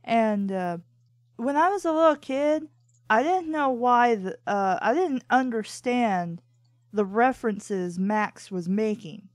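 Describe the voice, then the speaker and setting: A woman chats casually as a co-host, spinning a rambling story full of "I'm like" and restarts. Her voice sits a touch high and sounds dry and close, with no room ring around it. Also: lively intonation, slow, darkish tone, dry recording. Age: adult. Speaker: podcast co-host. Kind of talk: casual chat, anecdotal storytelling.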